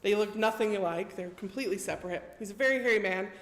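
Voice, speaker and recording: A woman's voice: medium pitch, quick pace. A woman preacher giving a casual sermon, retelling scripture in a chatty storytelling way. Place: church. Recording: echoey church hall reverb.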